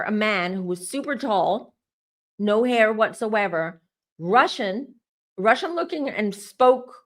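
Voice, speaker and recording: A woman's voice: on the high side, a bit bright. Young woman doing a tarot channel, chatty and casual, just talking to her viewers. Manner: chatty, addresses viewers directly. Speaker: psychic tarot reader. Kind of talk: casual storytelling to camera.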